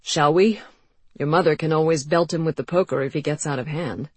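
A woman voicing a grim, shivering young male writer with a hoarse, dry, self-mocking way of talking, in an audiobook. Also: sits low, a little fast, no echo. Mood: wry. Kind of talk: audiobook character voice.

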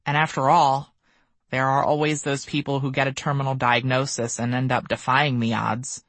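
A man reading his own memoir aloud as an audiobook, measured and somber. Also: medium pitch, flat delivery, fairly bright tone, no echo. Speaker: memoir narrator. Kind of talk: audiobook narration.

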